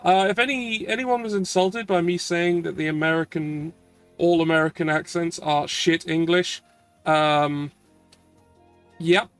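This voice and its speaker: A man's voice: fairly high pitch, a little slow, smooth, faint music behind. A man streaming a game, giving chatty, rambling, self-deprecating commentary as he plays. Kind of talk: casual gameplay commentary.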